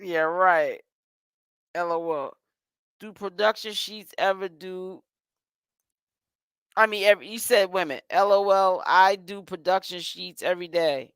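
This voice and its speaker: Her voice pitched fairly low yet with a fairly bright, smooth tone, this gossip vlogger talks unhurriedly with long pauses. Fasting has left her tired and yawning, though she stays chatty and sassy, peppering her casual talk with "honey" and "child" in clean studio sound without room noise.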